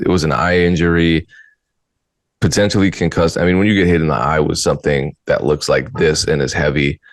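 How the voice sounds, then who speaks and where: A man's voice: very deep voice, vocal fry, no echo. A man hosting a casual podcast, talking bluntly and with exasperation, sometimes mocking. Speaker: podcast host. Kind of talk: casual commentary.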